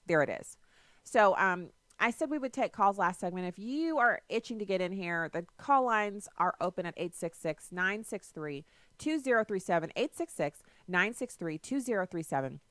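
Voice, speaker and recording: A woman's voice: medium pitch, expressive, moderate pace, a bit bright, no echo. A woman hosting a political talk radio show, delivering a sarcastic, emphatic monologue into a studio microphone.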